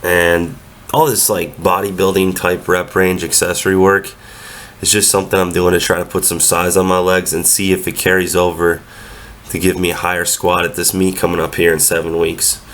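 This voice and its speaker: A man's voice: deep voice, a bit bright, a little hiss or hum. A young man with a stuffy nose from a cold, doing a casual, matter-of-fact voiceover about his own training. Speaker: powerlifter vlogger.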